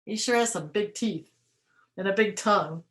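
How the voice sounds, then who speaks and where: A young woman reading a picture book aloud to children, animated, with gasps, laughs and questions to her listeners. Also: mid-range voice, moderate pace. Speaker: museum educator reading to children. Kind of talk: storytime read-aloud.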